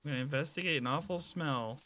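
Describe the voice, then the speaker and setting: A man's voice: on the high side, quick pace, sharp tone. A young man streaming a game, chatting casually and playfully as he plays. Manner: playful, rambling, sings silly ditties. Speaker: gaming streamer. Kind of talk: casual let's-play commentary.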